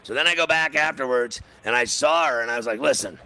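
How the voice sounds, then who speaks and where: Here a sports radio host speaks quickly in a mid-range voice, captured on a low-quality recording. His long story wanders, he keeps stammering and restarting, and he gets loud while acting out his own shouting.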